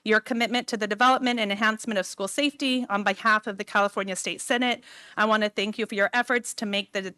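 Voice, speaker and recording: Woman giving board meeting announcements. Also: mid-range voice. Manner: warm, slightly emotional, with many "um"s. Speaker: school district administrator.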